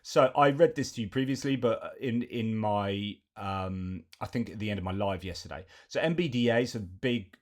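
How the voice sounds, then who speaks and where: Chatty man, lowish voice. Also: moderate pace, hardly any pauses. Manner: chatty, reels off lists, frequent fillers. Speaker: commentator. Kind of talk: casual news commentary.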